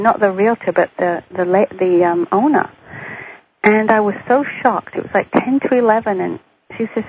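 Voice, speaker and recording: A middle-aged woman, a guest in an interview, telling a personal story in an animated way and acting out the voices she quotes. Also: medium pitch. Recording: dull radio recording, faint hiss.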